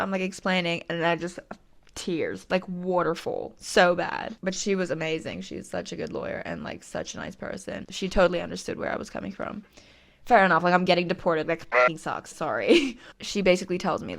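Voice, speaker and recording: Young woman vlogger, lisp, chatty filler-heavy storytelling, low-pitched, gravelly fry. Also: expressive, brisk. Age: 20s. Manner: chatty, frequent "like" fillers, self-deprecating. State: missing a tooth. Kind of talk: casual storytelling vlog.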